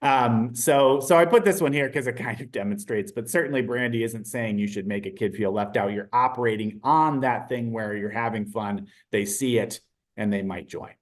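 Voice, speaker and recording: A man leading a live online training, animated and chatty, often asking the audience questions. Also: mid-range voice, normal speed.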